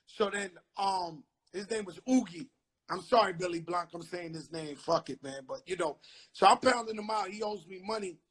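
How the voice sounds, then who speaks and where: Husky New York man telling street stories. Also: high voice, moderate pace. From the Bronx, New York. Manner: animated, swearing, acts out quotes loudly. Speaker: host. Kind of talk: casual storytelling chat. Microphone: phone on a live video stream.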